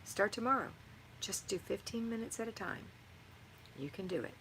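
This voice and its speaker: A woman's voice: medium pitch, expressive, moderate pace, fairly bright tone, slight background noise, poor audio. A middle-aged woman hosting a live stream, reading viewer comments aloud and giving encouraging, motherly advice. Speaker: livestream host answering viewer chat.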